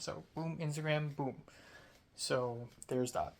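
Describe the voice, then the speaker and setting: A sleepy young man from Hong Kong, a student telling a rambling casual vlog story, talking slowly with many fillers. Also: medium pitch, steady tone. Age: young adult. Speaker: student vlogger.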